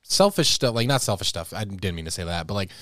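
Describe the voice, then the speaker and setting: A man's voice: deep voice, animated, fast, a bit bright, dry recording, studio quality. A man co-hosting a podcast in casual chat, joking and rambling with fillers. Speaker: podcast co-host.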